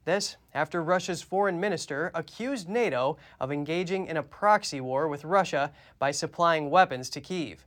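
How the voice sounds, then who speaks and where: High-voiced male news anchor. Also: moderate pace, few pauses, fairly bright tone. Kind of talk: scripted news reading.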